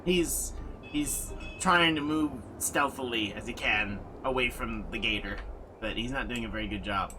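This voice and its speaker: A man narrating as game master in a playful, lively manner. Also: medium pitch, a little slow, background noise.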